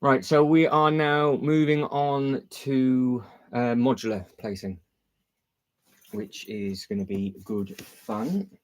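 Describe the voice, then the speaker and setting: A man's voice: mid-range voice, fairly even intonation, slow, rough recording. A man hosting a casual livestream, thinking aloud while rearranging a build, rambling with restarts and fillers. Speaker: livestream host. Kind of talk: casual live-stream chat while building.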